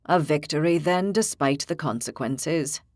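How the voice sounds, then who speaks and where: A woman narrator voicing a weary, regretful older male interpreter in an audiobook, speaking slowly and gravely. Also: low voice, lively intonation, darkish tone, no echo, studio quality, voice pushed down. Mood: measured. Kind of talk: audiobook character voice.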